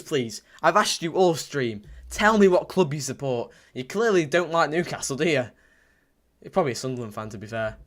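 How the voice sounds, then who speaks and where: A young man commentating live on a football match for his stream, reading out chat messages and repeating himself as he talks. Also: mid-range voice. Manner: excitable, repetitive, bursts into shouts at big moments. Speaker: fan livestream commentator.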